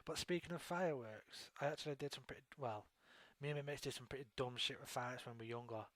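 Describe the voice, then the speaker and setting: A man's voice: medium pitch, quick pace, a bit bright, dry recording. A man from England, chatting in a laid-back, swearing way on a casual online radio show. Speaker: talk show guest.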